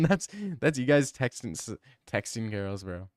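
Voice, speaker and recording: A man's voice: medium pitch, very animated, a little slow, no echo, clean studio sound. A young man streaming, casually chatting and mocking his viewers' comments with slang and frequent laughs. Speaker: streamer reading chat. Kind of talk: casual livestream chat.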